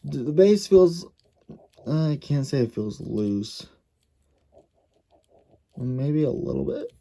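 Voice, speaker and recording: A man's voice: on the high side, sing-song, slow, gravelly, mellow. A man casually reviewing a model race car, thinking aloud and correcting himself as he goes.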